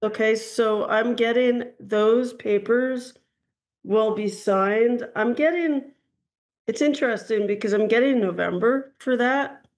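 A woman's voice: fairly high pitch, slow, darkish tone. A woman hosting a call-in show as a psychic reader, talking in a chatty, meandering way with frequent ums. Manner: chatty, hedging, frequent ums and "I'm getting". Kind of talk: casual call-in reading.

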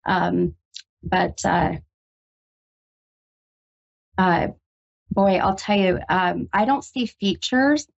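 Woman, psychic radio host, lightly gravelly, hesitant and comforting, muffled lo-fi sound. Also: on the low side, expressive. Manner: halting, full of ums, gentle and reassuring. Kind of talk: call-in psychic reading. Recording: dull lo-fi radio recording.

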